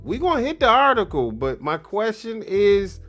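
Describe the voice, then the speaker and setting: A man hosting a show, riffing on a replayed clip in casual, slangy commentary, animated and mocking, laughing often. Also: high voice, moderate pace. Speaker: podcast host reacting to a clip.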